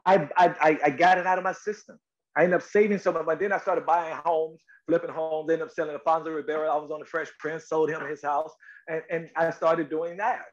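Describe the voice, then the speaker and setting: A man's voice: on the high side, brisk, muffled recording. A middle-aged man from North Carolina telling stories in an interview, repeating words and acting out quotes. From North Carolina, USA. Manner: animated storyteller, repeats words, acts out quotes. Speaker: actor guest. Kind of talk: storytelling interview.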